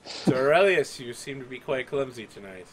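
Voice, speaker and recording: A man's voice: medium pitch, lively intonation, normal speed, a little hiss or hum, lightly acted. A man voicing a haughty, reserved noblewoman who speaks primly and formally. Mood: disdainful. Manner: prim, formal, slightly condescending.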